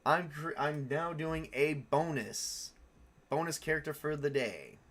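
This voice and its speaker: Hosting a casual live stream, a man builds tabletop game characters while thinking aloud, chuckling often and correcting himself as he answers viewer questions. His voice is fairly high and fairly bright, with a measured pace.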